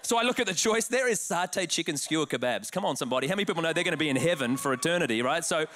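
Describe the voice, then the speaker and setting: A man with an Australian accent preaches in a high, bright voice. He tells a comic, self-mocking story with lots of energy and quick asides. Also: lively intonation. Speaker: pastor.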